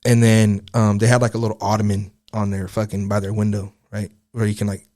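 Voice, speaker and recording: A man's voice: lowish voice, little pitch movement, fairly quick, darkish tone. A young man, a podcast guest, telling a story in casual, profane, rambling talk full of filler words.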